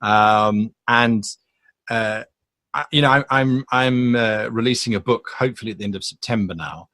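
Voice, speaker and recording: A man's voice: medium pitch, normal speed, fairly bright tone, no echo. A man chatting as a podcast guest, thoughtful and rambling with frequent restarts. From South Africa. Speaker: guest, game master YouTuber. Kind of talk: casual interview chat.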